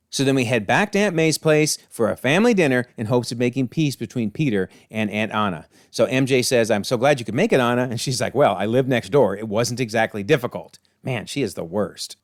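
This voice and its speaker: A man hosting a comic breakdown with enthusiastic, excitable commentary. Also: medium pitch, no echo, clean studio sound. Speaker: channel host.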